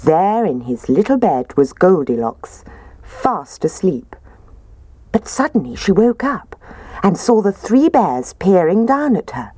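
A woman reading a children's story aloud in a gentle, expressive way. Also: mid-range voice, measured pace, breathy edge, no echo.

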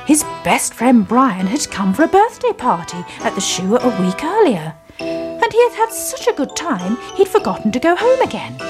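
A woman narrating a children's story in an animated, expressive reading. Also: on the high side.

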